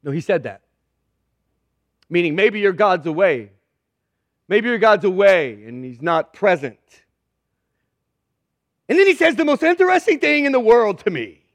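A man's voice: sits high, big pitch swings, measured pace, pauses often, dry recording. A man preaching a humorous, conversational sermon as pastor, joking and emphatic.

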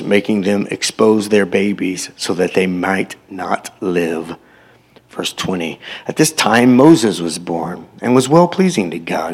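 A preacher reads scripture aloud to his listeners. His voice sits low and has a gravelly, husky grain. Now and then he stops the reading to add a short aside of his own. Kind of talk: sermon scripture reading with commentary.

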